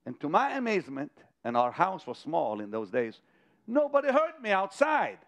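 A man preaching a sermon, telling a vision story with dramatic swings from hushed to loud. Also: high-pitched, huge pitch swings, normal speed. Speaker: televangelist. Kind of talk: sermon to partners.

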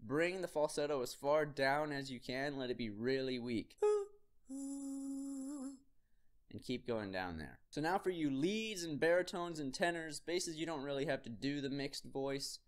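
A man leads a vocal warm-up tutorial in an upbeat, direct way. His voice sits at an ordinary middle pitch for a man, and he talks the viewer through each exercise step by step. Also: lively intonation, normal speed, hardly any pauses, smooth. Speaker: singing teacher.

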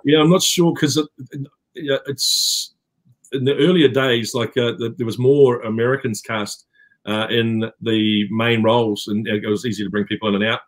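A man's voice: mid-range voice, steady tone, normal speed. A middle-aged man with a New Zealand accent, talking casually on a video call with many fillers and restarts. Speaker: actor guest. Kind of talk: casual interview chat.

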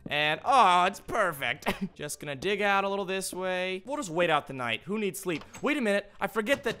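A man giving casual gameplay commentary as a gaming host. He is playful and jokey, chats to the animals in the game, and sounds slightly hoarse. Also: high voice, expressive, normal speed, bright, forceful tone.

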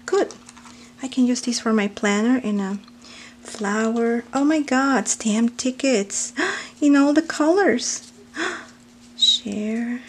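A woman's voice: fairly high pitch, takes it slowly, darkish tone, slight background noise. A woman vlogger opening a craft parcel on camera, gushing and gasping, often dropping to a whisper. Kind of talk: unboxing commentary.

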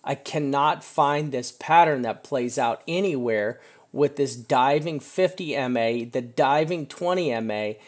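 A man's voice: mid-range voice, a little slow. Chatty man walking through charts. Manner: chatty, emphatic, keeps asking "right?"; frustrated outbursts. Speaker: crypto chart analyst. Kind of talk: screen-share market commentary.

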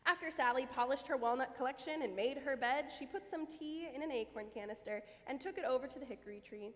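Woman, expressive children's story reader, fairly high voice, long church reverb. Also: quick pace, hardly any pauses. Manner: expressive, lively read-aloud. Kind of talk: reading a children's story aloud. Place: church sanctuary.

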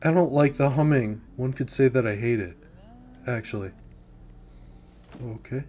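Man, casual gameplay commentary, jittery, mumbled worry, sudden swearing, occasional whisper, average pitch, faint background hiss. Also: unhurried, warm tone. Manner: drops to a whisper at times. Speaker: gaming YouTuber.

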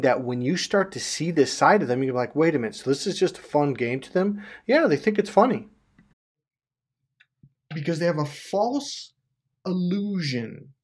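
A man's voice: on the high side, slightly rough. A man speaking to camera in a casual, emphatic rant, swearing often and repeating himself. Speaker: YouTuber.

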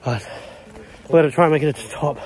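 A man's voice: a little high, fast talker, darkish tone. A man in his twenties filming a casual vlog outdoors on a handheld phone, out of breath and sweating as he climbs, rambling and swearing often. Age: 20s. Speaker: vlogger. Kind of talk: casual vlog chat to camera. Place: outdoors, climbing long shrine stairways.

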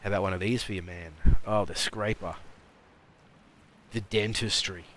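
A man's voice: low-pitched, fairly even intonation, normal speed, fairly bright tone, slight background noise. A man giving rambling live commentary while playing a game, mumbling and talking back at the enemies on screen. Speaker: streamer.

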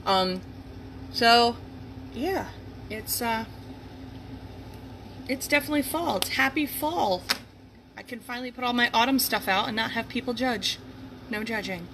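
A woman's voice: on the high side, normal speed, long pauses, bright, forceful tone, slight background noise, rough recording. A middle-aged woman from the Northeast US hosting a casual livestream, rambling and greeting viewers by name. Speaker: livestream host. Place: home, near a heater and dogs.

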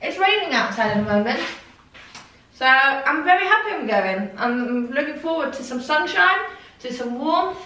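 A woman's voice: high voice, big pitch swings, normal speed, music in the background. A woman vlogging casually to a camera in her bedroom, chatty and rambling, sometimes turning to talk to her dogs. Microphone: camera set up in the room.

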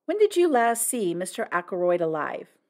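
A fussy, courteous foreign gentleman detective, as a woman puts him on, with ornate, formal phrasing. The voice runs up and down in lively swings. It is a storybook reading. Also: medium pitch, normal speed. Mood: polite.

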